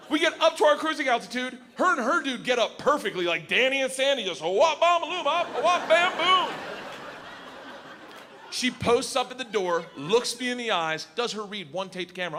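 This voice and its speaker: A middle-aged man doing stand-up storytelling on stage, loud and animated, shouting his punchlines over the laughter. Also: extremely high pitch, moderate pace. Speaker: stand-up comedian. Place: live comedy stage before an audience. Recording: live stage recording with audience noise.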